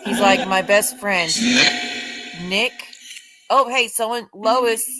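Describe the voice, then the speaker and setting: A woman's voice: medium pitch, slow pace, long reverb tail, music in the background, poor audio. A woman hosting a paranormal livestream, chatting casually and passing along what she hears from spirits to her viewers. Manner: chatty, relays spirit messages to viewers, addresses them as y'all.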